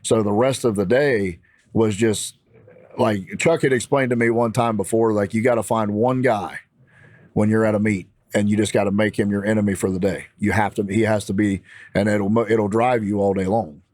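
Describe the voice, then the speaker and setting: A man with a Midwestern American accent telling a story in a casual, animated, fired-up way. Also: fairly low pitch, normal speed, no room sound, studio quality. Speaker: podcast guest.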